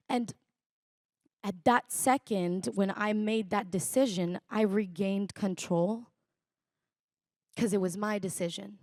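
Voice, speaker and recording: A young woman, a guest recounting her personal story in an interview, reflective and halting, with many fillers. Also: medium pitch, darkish tone, no room sound, studio quality. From Israel. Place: conference stage.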